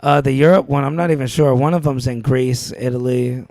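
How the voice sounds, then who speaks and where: A man's voice: mid-range voice, fairly even intonation, brisk, a little mellow, dry recording. A man co-hosting a podcast in casual chat, telling stories with a brash, swaggering manner. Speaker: podcast co-host.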